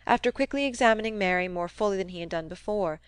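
A woman narrating a classic novel in a measured, even reading voice. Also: medium pitch, clean tone, dry recording. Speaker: audiobook reader. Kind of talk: scripted narration.

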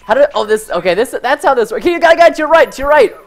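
A young man hosting a gaming video, chatting through a match with excitable, joking trash talk. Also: very high voice, racing. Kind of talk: casual gameplay commentary.

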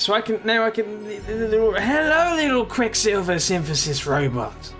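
A man hosts his own gameplay video with sarcastic commentary. He sounds mock-exasperated, and his voice sits slightly high. Soft background music runs underneath. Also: expressive, a little slow. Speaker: gaming video host. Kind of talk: game commentary.

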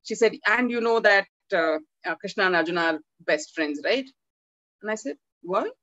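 A woman gives a talk as an author and tells stories by acting out the dialogue in lively quoted voices. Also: mid-range voice, moderate pace, no echo, dull audio. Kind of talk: animated storytelling talk.

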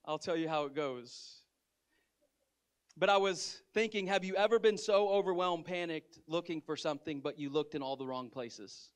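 A man with a high-pitched, clear, smooth voice preaches to his congregation. He tells stories with lively energy and keeps calling out to the people in the room. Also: moderate pace. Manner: lively storytelling with audience call-outs. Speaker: pastor. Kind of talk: sermon. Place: church sanctuary.

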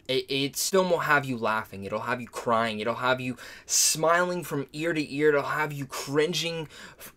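A man talks through a film review in a loose, casual way, gushing with enthusiasm. His voice sits at an ordinary middle pitch, neither deep nor high. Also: a bit bright. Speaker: movie reviewer.

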